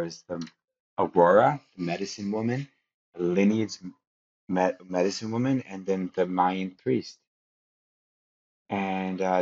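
A man with a fairly low voice shares a personal story as a podcast guest. He is earnest and wandering, often restarting his sentences. The recording is muffled and lo-fi. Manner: rambling, earnest, halting with restarts. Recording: dull lo-fi sound.

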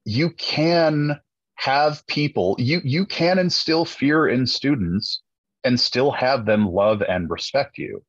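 Male teacher, casual talk, husky, animated storyteller, dry lo-fi sound. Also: medium pitch, slow, dry recording. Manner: animated storyteller, acting out his own drill-sergeant lines in a raised voice. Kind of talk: casual chat. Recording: dull, dry lo-fi recording.

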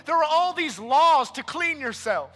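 A man preaching a sermon with passion, dropping to a hush and then rising loud again. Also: very high-pitched, lively intonation, unhurried. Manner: impassioned, swings between hushed and loud. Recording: long hall reverb with music behind.

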